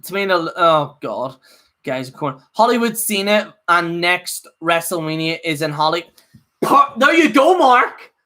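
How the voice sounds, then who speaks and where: A man's voice: sits high, sing-song, a little slow, sharp tone. A man giving a casual, opinionated live review, rambling with lots of fillers and restarts. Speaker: wrestling show reviewer.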